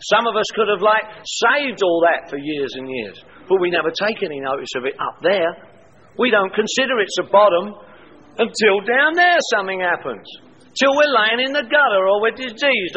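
A man's voice: sits high, bright, forceful tone, husky. An older man giving an emphatic, wry recovery testimony at a meeting. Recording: echoey hall, dull lo-fi sound.

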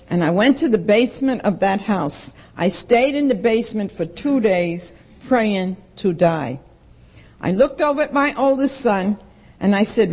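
Lively streetwise New woman in her sixties. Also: medium pitch. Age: 60s. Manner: vivid storyteller who acts out the voices in her story; blunt, streetwise and plain-spoken. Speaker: speaker sharing her story at a recovery meeting. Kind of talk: personal testimony.

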